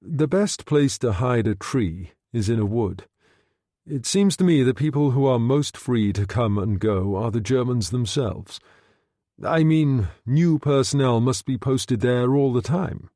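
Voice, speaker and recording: A man reading a novel aloud, voicing a quiet, respectful army captain. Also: mid-range voice, expressive, measured pace, dry recording, studio quality. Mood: polite. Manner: quiet and polite.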